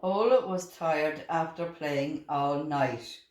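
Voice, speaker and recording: An older woman reading a children's picture book aloud, slow and expressive. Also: sits low. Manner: slow and expressive, with lively voices. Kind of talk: storybook read-aloud. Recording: roomy echoing room.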